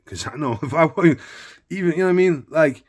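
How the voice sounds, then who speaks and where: A man's voice: a little high, animated, brisk. A man talking in a loose, blunt, rambling personal monologue, often filling with casual asides. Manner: blunt, loose and rambling, full of "you know what I mean".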